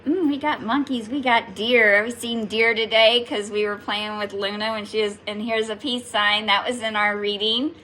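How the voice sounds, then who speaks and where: A woman's voice: on the high side, fairly even intonation, normal speed, hardly any pauses, pushed and bright, slight background noise. A woman giving a casual, playful spiritual reading to her viewers, chatting, laughing often and swearing lightly. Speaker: tarot reader.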